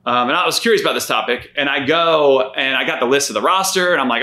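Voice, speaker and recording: A man's voice: medium pitch, quick pace. A man in his thirties telling stories in a casual conversation, acting out what others said. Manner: animated storyteller, acts out quoted voices. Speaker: former campaign manager.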